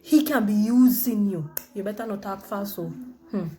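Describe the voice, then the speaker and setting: A woman's voice: medium pitch, moderate pace, dark tone, natural voice. A Nigerian woman acting a jealous female friend who needles and doubts in a comedy skit. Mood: suspicious. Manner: sceptical, needling, humming disapprovingly.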